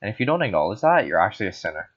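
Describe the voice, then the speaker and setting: A gaming host from the Philippines races through jokey, erratic commentary while tipsy on wine, suddenly breaking into screams. His voice is lowish and very animated. The recording is dull and lo-fi.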